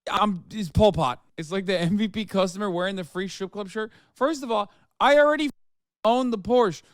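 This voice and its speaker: A man's voice: sits high, normal speed, clear, resonant tone, no room sound, studio quality. A man streaming a reaction to videos, talking in a casual, incredulous and profane way, mocking what he sees.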